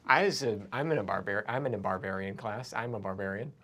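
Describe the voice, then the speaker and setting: A player in a tabletop game, talking in a halting, unsure way and often breaking into giggles. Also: mid-range voice, fairly bright tone.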